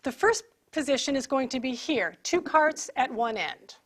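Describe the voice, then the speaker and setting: Woman, high voice, instructor demoing equipment, steady step-by-step explanations, faint background noise. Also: moderate pace. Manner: clear step-by-step explaining while handling equipment. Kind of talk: product demonstration.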